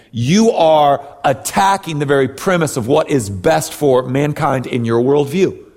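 A man preaching a sermon in a conversational style, often asking "right?" and restarting his sentences. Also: a little high. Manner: conversational preaching with frequent tag questions and restarts. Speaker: pastor. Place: church hall. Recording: reverberant hall.

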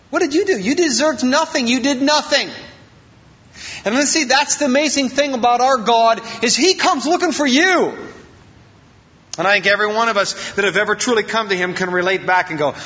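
Male pastor, casual humorous sermon delivery; high bright voice on a muffled lo-fi recording. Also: normal speed. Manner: animated and joking, acting out quoted voices. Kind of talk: informal sermon.

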